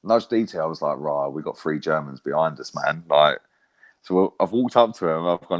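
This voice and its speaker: A man telling animated, swear-filled football stories in a casual chat, tagging lines with "right?" and "mate". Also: rumbling low, moderate pace. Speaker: co-host, football fan pundit.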